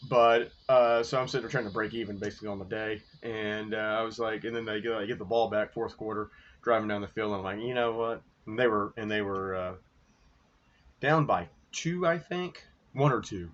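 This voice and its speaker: A man's voice: lowish voice, brisk. Rambling, cussing sports podcast man. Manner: rambling, profane, excitable, self-correcting. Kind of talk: casual sports recap and betting talk. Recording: dull lo-fi recording with faint noise.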